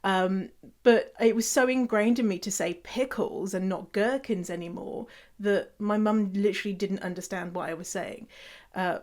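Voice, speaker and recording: A chatty middle-aged woman from England talks casually on her solo podcast. Her English accent is softened by Canadian sounds, and she laughs often and spells words out letter by letter. Her pitch sits in an ordinary middle range. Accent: English, mixed with Canadian. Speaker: podcast host.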